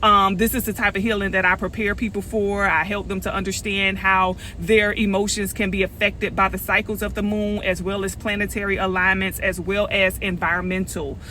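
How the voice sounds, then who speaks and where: Sassy, animated woman vlogger, bright voice. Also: mid-range voice, fairly quick, few pauses, slight background noise. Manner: animated, sassy, talks straight to viewers with lots of "okay?" and "y'all". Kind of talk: casual storytelling vlog.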